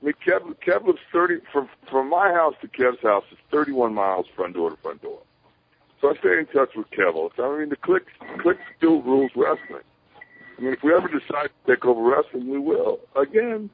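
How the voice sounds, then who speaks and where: Animated man on a tinny phone line. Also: medium pitch, a little fast, vocal fry, a little hiss or hum. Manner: animated, swears casually, acts out quoted voices. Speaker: interview guest. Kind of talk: rambling storytelling.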